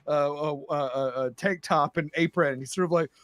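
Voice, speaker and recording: A man's voice: on the high side, brisk, no room sound. A man narrating a tabletop game as game master, loose and full of fillers.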